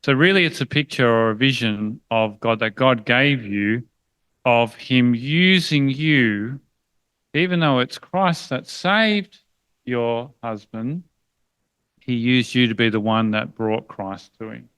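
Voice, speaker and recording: Smooth-voiced man. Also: medium pitch, takes it slowly, a bit bright, dry recording. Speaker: panel speaker. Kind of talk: panel discussion, personal story.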